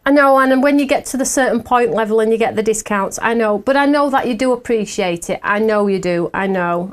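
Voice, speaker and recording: A woman's voice: mid-range voice, animated, a little fast, hardly any pauses. A woman hosting a live craft shopping show, chatting casually with viewers and giggling at herself often.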